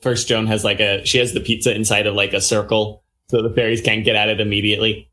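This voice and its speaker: A man's voice: on the low side, flat delivery, fast, sharp tone. A man narrating his character's actions in a tabletop role-playing game, with hesitant, filler-heavy speech. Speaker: player.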